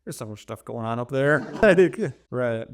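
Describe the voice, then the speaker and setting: A man's voice: mid-range voice, lively intonation, moderate pace. Chatty man on a book podcast. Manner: chatty and meandering, with many fillers and restarts. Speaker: podcast co-host. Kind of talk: casual book discussion.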